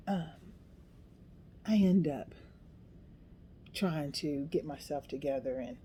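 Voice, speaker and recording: A middle-aged woman craft vlogger rambles casually while working on a project, poking fun at herself and talking to herself as she goes. Her voice is deep, she takes things slowly with frequent pauses, and there's background noise.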